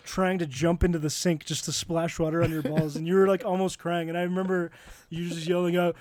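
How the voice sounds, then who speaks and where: A man's voice: on the high side, flat delivery, brisk, darkish tone, no echo. A young man co-hosting a podcast, telling stories in a laid-back, casual way and swearing freely. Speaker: podcast co-host.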